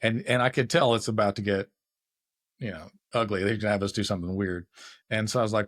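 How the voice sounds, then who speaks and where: A man's voice: lowish voice, steady tone, fast, no room sound, clean studio sound. Laid-back man telling road stories. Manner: laid-back storyteller, acts out quotes. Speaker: podcast host. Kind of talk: casual chat.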